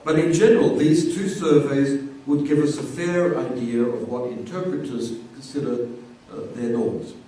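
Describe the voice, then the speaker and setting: Male lecturer, casual classroom delivery, mellow tone, recorded from a distance. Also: mid-range voice, steady tone, normal speed, a little hiss or hum. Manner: conversational, repeats words while thinking. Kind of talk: university lecture. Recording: echoey room, voice from afar.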